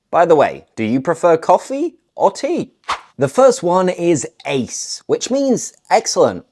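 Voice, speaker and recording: A British woman teaching English slang at an easy, unhurried pace. Her voice sits low and mellow. She explains each word playfully, with a lively rise and fall as she models the phrases. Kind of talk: scripted language lesson to camera.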